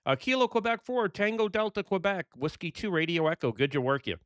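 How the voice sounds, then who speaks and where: High clear-voiced New Yorker on the air. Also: male voice, big pitch swings, brisk, no room sound, clean studio sound. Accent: New York. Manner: chatty, easygoing, laughs often. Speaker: ham radio operator. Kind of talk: casual on-air radio contacts.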